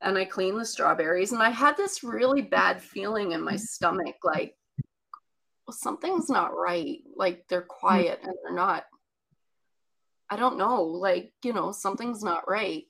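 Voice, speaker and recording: A woman's voice: mid-range voice, a little slow, creaky, bright, forceful tone, low-quality recording. A woman telling a personal childhood story in conversation, chatty and rambling with many asides.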